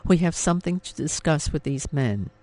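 A man narrating an audiobook, voicing a calm husband and father giving quiet instructions. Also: a little high, moderate pace.

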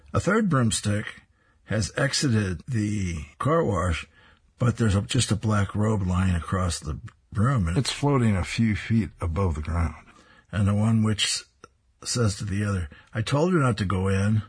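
A man with a low, husky voice reads comic strips aloud, describing each panel in plain detail. He chuckles to himself between strips. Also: animated, slow.

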